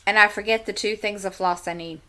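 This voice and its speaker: A woman's voice: medium pitch, steady tone, fairly quick, sharp tone. A middle-aged woman hosting a crafting channel, chatting casually at home into a desk microphone and telling a long, exasperated story full of asides. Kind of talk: casual chat.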